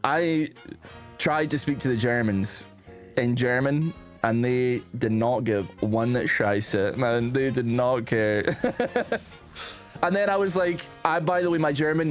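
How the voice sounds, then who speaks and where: A man, streaming and chatting casually, rambling and animated, often calling his viewers "man". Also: mid-range voice, slow pace, soft background music. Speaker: streamer reacting to posts.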